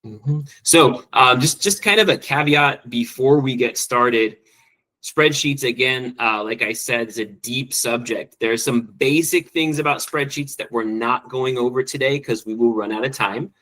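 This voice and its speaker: Male teacher running a training session, eager and fast-moving, lots of ums, mid-range voice. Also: medium pitch, bright, forceful tone, rough recording. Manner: quick, enthusiastic, with frequent ums and restarts. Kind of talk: online training presentation.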